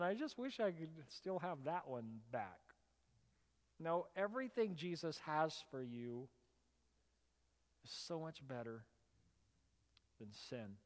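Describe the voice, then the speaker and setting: Male pastor, high register, animated sermon with loud emphatic peaks, long hall reverb. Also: normal speed. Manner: animated storytelling, rising to loud emphatic bursts.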